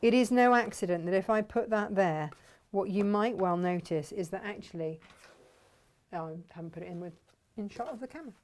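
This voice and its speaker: A woman's voice: medium pitch, a little fast, a little mellow. A woman hosting a fabric workshop, talking in a chatty, enthusiastic, rambling way. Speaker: fabric shop host. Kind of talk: casual workshop chat.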